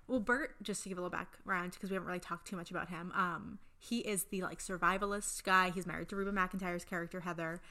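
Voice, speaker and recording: A young woman in relaxed podcast chat, her voice sitting at a mid pitch with a bright timbre. She talks in an easygoing, chatty way and steers the conversation from one segment to the next. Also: fast, few pauses. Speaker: podcast co-host.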